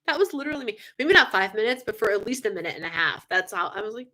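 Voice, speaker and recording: Young woman chatting on her live stream, bright tone, lots of ums, keeps yawning. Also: medium pitch, fast talker. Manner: chatty, animated, yawning often, many fillers. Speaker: livestream host. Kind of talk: casual live chat with viewers.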